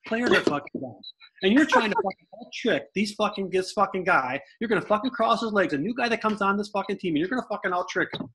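A man voicing an exasperated, profane older baseball manager who lectures gruffly. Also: sits high, very animated, racing, hardly any pauses, fairly bright tone, pitched above the performer's own voice, exaggerated voice.

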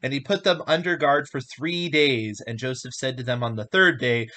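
A man co-hosting a podcast, reading a Bible passage aloud in a measured way, slowing down on solemn lines. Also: medium pitch, bright, forceful tone. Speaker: podcast co-host reading scripture.

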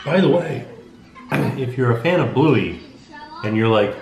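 A man co-hosting a home vlog, telling stories in a relaxed, casual way. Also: medium pitch, measured pace. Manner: relaxed storytelling with quoted asides. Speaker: vlog co-host and father. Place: family home. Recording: echoey home room.

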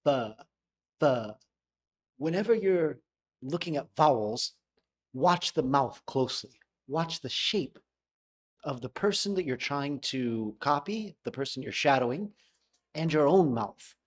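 A man's voice: a little high, lively intonation, a little slow, long pauses. An American man teaching English pronunciation in a casual video lesson, repeating sounds to model them.

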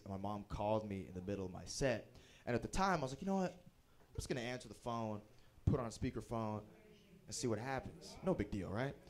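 A young man performing a stand-up comedy set, telling self-deprecating stories with playful shifts in his voice. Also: medium pitch. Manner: animated, self-deprecating storytelling with playful voice swings. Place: small comedy venue at a bowling alley.

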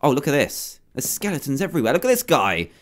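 Lively young man narrating gameplay. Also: medium pitch, fast talker. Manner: excitable, jumpy, playfully scared. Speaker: gaming YouTuber. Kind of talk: casual game commentary.

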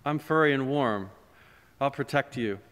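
A man voicing a lonely, gentle young male bunny, earnest and pleading, in a long church reverb. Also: mid-range voice, unhurried, smooth, lightly acted. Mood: tender.

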